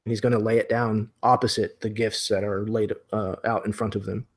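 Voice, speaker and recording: A man's voice: on the low side, little pitch movement, brisk. A man playing a tabletop game, casually describing what his character does. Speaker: player.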